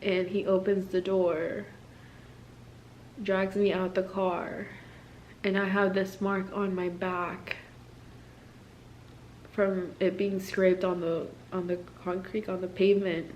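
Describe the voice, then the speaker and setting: A woman's voice: mid-range voice, little pitch movement, slow pace, pauses often, a little mellow, muffled recording. Young woman venting to camera, upset, swears a lot, says like constantly, ordinary mid voice, faint noise behind. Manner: rambling, profane, filler-heavy "like". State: distressed. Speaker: military spouse. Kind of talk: candid confessional vlog.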